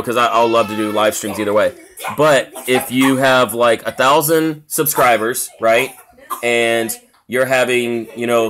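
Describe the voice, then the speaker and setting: A man's voice: medium pitch, a bit bright. A man with a drawl hosts a casual live stream from his home. He rambles through his points with plenty of filler words, stopping often to greet viewers and answer their comments. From South Carolina. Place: home, with family noise around.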